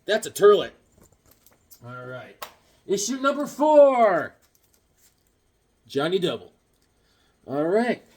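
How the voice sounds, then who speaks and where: With a high-pitched voice, a slow pace and long pauses, a man tells a childhood story casually and shows comics from his collection. He gets animated, breaking into yelps and other voices along the way.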